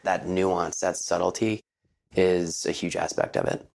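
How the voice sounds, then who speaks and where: Deep-voiced man, measured and earnest. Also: fairly even intonation, creaky, a little mellow. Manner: measured, earnest, thinks aloud. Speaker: guest, partner at his late father's investment firm. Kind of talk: reflective interview answers.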